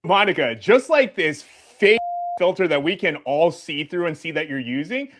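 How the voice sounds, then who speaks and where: Sarcastic man with a lively voice. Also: on the high side, moderate pace, background noise. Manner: sarcastic, profane, mocking. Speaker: commentary video creator. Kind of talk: mocking callout commentary.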